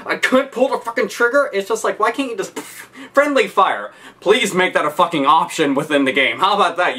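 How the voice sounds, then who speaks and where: A man delivering a profane, animated rant about video games, swearing constantly. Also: sits high. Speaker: video game commentator.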